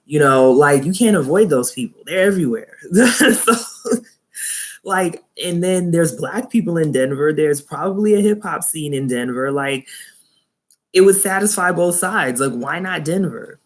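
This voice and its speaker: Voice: mid-range voice, animated, a little slow. A young adult vlogger giving a live, casual review of a TV show, chatting and laughing often, with incredulous asides.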